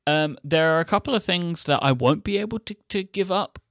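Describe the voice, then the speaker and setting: A man's voice: on the high side, brisk, no echo. A young man co-hosting a podcast, chatting casually and rambling with dry, joking asides. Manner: rambling, deadpan jokey. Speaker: podcast co-host. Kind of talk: casual banter.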